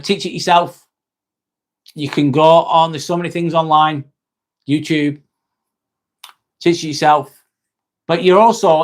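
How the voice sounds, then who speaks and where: A man, chatting bluntly and casually with viewers on a livestream, full of "um" and "mate". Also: a little high. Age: 40s. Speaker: livestream host and nurse.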